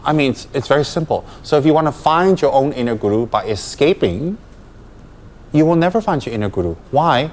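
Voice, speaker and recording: A man's voice: mid-range voice, expressive, fairly quick, darkish tone. Emphatic man giving a dharma talk. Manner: emphatic, with rhetorical questions and light laughter. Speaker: Buddhist teacher.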